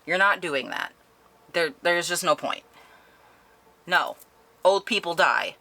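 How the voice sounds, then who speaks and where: A woman quoting a gruff, dismissive male police chief in short, blunt sentences, close to her own voice. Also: on the low side, animated, slow pace, bright, forceful tone, exaggerated voice. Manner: blunt and curt.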